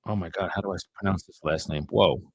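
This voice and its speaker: A man's voice: low voice, fairly even intonation, fast talker, slightly rough. A man working as a real estate agent, making calls on a live stream and talking offhand asides to his viewers. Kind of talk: live-streamed cold calling with commentary.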